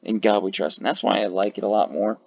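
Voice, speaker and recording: This creator talks fast through his flag rankings, meandering, cursing now and then and filling gaps with verbal fillers as he sounds tired. His lowish, creaky voice is a little mellow with fairly even intonation, heard through a dull lo-fi mic.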